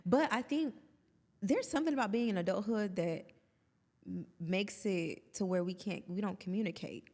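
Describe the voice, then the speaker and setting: In a large hall, a woman in her thirties with a mid-range, slightly mellow voice co-hosts a podcast at normal speed, chatting openly and expressively and quoting others in asides.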